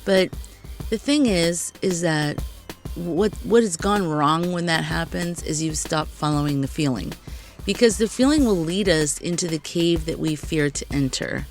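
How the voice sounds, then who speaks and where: Soft music plays in the background as a woman with a low voice speaks at a measured pace. She's hosting her own podcast, reflecting in a relaxed solo style and saying "like" and "you know" a lot.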